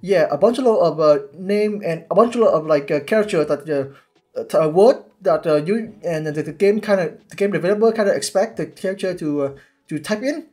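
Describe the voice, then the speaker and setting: A man giving casual commentary while watching a series, excitable and halting with many restarts. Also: high-pitched, faint music behind. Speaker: YouTube reactor.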